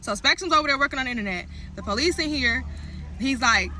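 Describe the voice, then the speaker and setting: A woman's voice: high voice, animated, fast talker, bright, forceful tone, a little hiss or hum. A young woman ranting to her viewers, telling an angry story full of swearing and heated asides. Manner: heated, profane, talks straight to viewers.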